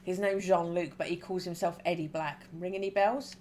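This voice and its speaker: A woman's voice: lowish voice, steady tone, moderate pace, darkish tone, a little hiss or hum, natural voice. A woman voicing a jovial middle-aged male biker who runs a record shop, hearty and chatty, in a game read aloud.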